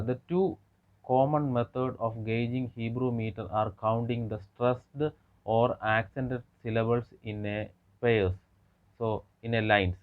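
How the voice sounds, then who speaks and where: Guy lecturing, lots of uh and restarts, kinda low voice, sounds like over a phone line. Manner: halting, frequent hesitations and restarts. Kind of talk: academic lecture. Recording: tinny phone-like lo-fi audio.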